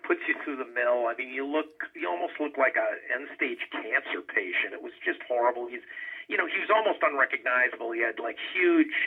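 A man's voice: mid-range voice, lively intonation, breathy edge. Rambling man on a tinny phone line. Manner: rambling, halting, with many fillers and restarts. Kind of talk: casual conversation. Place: lives in Southern California.

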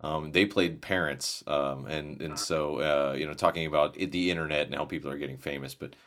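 Very deep-voiced easygoing man. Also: fairly even intonation, a little fast, fairly bright tone. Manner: easygoing, short backchannel replies. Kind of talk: casual conversation.

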